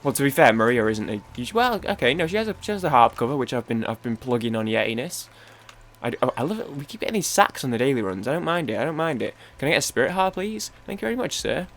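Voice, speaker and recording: With a medium pitch, quick pace, and a slightly bright, expressive delivery, this young man plays a game and rambles casually. He's a gaming YouTuber from Manchester, England, with the local accent, who swears, cuts himself off, and drops stories midway.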